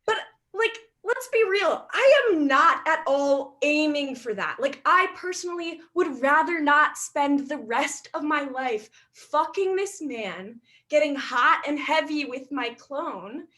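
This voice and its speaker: A woman's voice: high-pitched, slow pace, hardly any pauses. A young woman doing a stand-up comedy set, bubbly and giggly, laughing through her lines. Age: young adult. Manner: bubbly, giggly, animated delivery.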